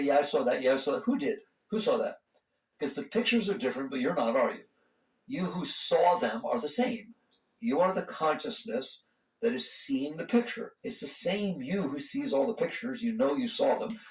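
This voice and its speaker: A man's voice: a little high, recorded from a distance. A man giving a spiritual talk to a live audience, speaking conversationally and putting pointed questions to the listeners. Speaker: spiritual teacher. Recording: roomy hall sound, voice from off the mic.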